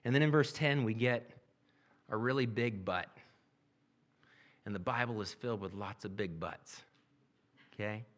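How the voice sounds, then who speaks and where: A man's voice: on the low side, unhurried, pauses often, fairly bright tone. A man preaching a sermon, reading scripture aloud and then explaining it in a plain, conversational way. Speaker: pastor.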